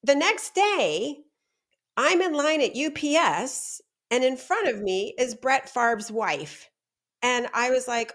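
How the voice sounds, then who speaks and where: A woman in her fifties hosting a talk show, chatting casually and quoting herself and others in lively asides. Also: mid-range voice, measured pace. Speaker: podcast host. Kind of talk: casual chat, personal storytelling.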